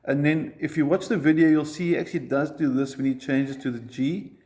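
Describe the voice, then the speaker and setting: A man's voice: fairly high pitch, steady tone, brisk, darkish tone. A man teaching a ukulele lesson, explaining chord shapes step by step and counting strums aloud. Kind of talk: music lesson.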